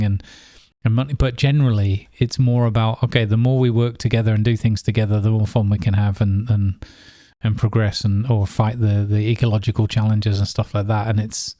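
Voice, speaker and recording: This podcast co-host has a lowish, mellow voice, and his gaming talk wanders casually, full of filler words and false starts. The sound is dry and studio quality.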